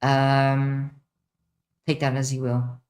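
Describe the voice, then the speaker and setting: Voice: mid-range voice, completely flat delivery, slow, darkish tone. A streamer in a casual livestream Q&A, chatting off the cuff while answering viewers' questions from a home setup.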